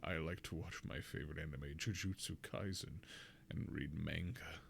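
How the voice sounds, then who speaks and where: A man's voice: rumbling low, normal speed, gravelly, slight background noise, pitched below the performer's own voice, full character voice. A man doing a shy Southern weeb country boy. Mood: nervous. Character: awkward young male anime-fan country boy.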